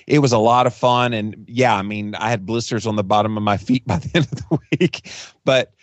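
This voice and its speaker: A man with a lowish voice talks fairly quickly as a guest on a podcast, being interviewed as an author. He's chatty and rambling, often restarting sentences and laughing, and the recording has no room sound.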